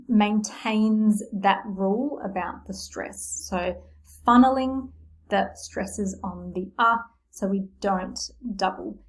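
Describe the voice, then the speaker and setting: A woman's voice: medium pitch, rough recording. A woman teaching teachers spelling rules in a friendly explanatory lesson, using playful metaphors. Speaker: literacy teacher trainer.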